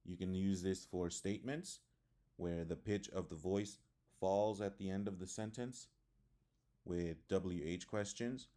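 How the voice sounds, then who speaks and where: Low, mellow-voiced man teaching English. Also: fairly even intonation, a little slow. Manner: plain explanatory delivery, reads examples aloud. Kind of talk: spoken lesson reading example sentences.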